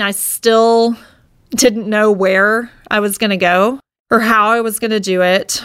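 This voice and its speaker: A woman's voice: mid-range voice, a bit bright, smooth, no room sound, clean studio sound. A woman in her thirties from the United States, telling her own life story in an emotional, reflective way. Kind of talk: personal storytelling.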